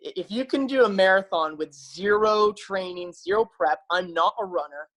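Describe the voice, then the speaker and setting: A man with a high, slightly bright voice talks to his viewers at a moderate pace as a health practitioner. Casual and eager, he speaks to camera in an upbeat, persuasive way with frequent fillers. The recording is rough.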